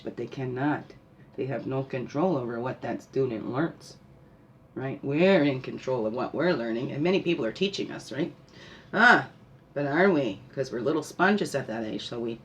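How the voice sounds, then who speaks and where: A woman's voice: extremely low pitch, slight background noise. A woman hosting a spiritual podcast, talking casually and animatedly, often laughing and asking the listener questions. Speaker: spiritual guide and podcast host.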